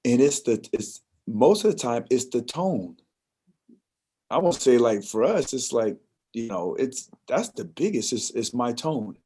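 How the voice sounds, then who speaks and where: A man's voice: mid-range voice, very animated, unhurried, dark tone, slightly rough. A man hosting a podcast, talking in an enthusiastic, affirming way with loose, rambling sentences. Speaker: podcast host. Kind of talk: podcast conversation.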